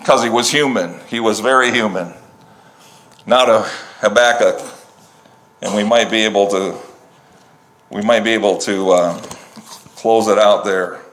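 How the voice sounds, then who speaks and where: A man's voice: on the low side, unhurried, pauses often, fairly bright tone. A man preaching a sermon, reading scripture at length and breaking off into conversational asides. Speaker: pastor.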